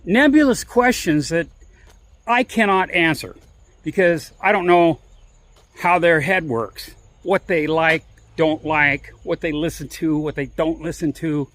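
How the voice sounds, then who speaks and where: A man's voice: on the high side, measured pace, a bit bright. A man vlogging as he walks, telling a story in a rambling, chatty way full of restarts and asides. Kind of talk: casual storytelling on a walk.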